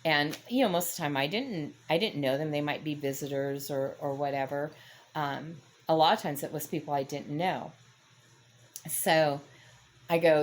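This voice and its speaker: Older lady with a really low voice, rambling through a faith story, keeps restarting her sentences. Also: moderate pace. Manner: rambling, self-correcting storyteller. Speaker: host. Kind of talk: casual faith-based storytelling.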